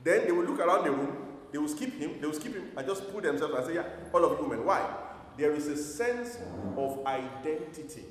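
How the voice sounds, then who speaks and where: A man's voice: fairly high pitch, lively intonation, brisk, slight background noise. A man preaching a sermon to his congregation, emphatic, full of rhetorical questions. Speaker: pastor. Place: church hall. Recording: echoey hall from far off.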